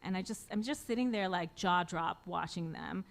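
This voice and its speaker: A woman's voice: lowish voice, moderate pace, creaky. A woman in her forties, an author telling a personal story live to an audience with wry, self-deprecating humor, often laughing at her own jokes.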